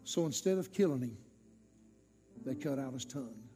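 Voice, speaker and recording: A male preacher telling a story in a sermon, swinging dramatically between loud and soft. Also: medium pitch, lively intonation, moderate pace, in a large hall, music in the background.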